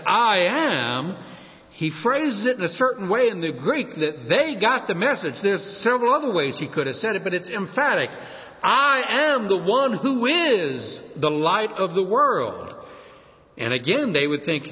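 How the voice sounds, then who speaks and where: Animated preacher man in a reverberant hall. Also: high-pitched, highs cut off. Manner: emphatic, quotes scripture with rising stress. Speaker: pastor. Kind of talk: sermon.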